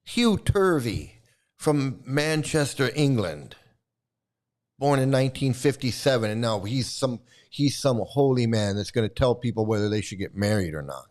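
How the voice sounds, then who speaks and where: A man's voice: medium pitch, animated, moderate pace, darkish tone. A man hosting a commentary channel, giving an angry, profane and mocking rant. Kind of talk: ranting commentary.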